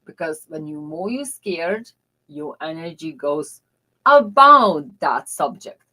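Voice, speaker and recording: Woman love coach, low voice, very unhurried; earnest, confiding, non-native English with loose grammar. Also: animated, sharp tone, rough recording. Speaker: love and dating mentor. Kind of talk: motivational personal storytelling.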